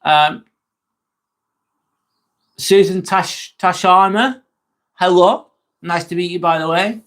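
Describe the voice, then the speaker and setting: Young English male streamer, casual chat host, relaxed and swearing, voice a touch high. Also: takes it slowly. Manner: chatty, swears casually, laughs often. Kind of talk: casual live chat reading comments.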